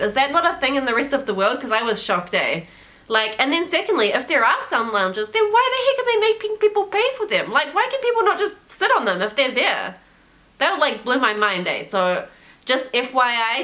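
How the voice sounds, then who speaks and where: A young New Zealand woman who makes travel vlogs talks to camera in her country's accent, her bright voice pitched a little high. Her casual vlog chat is loose and animated, peppered with "like" and "eh".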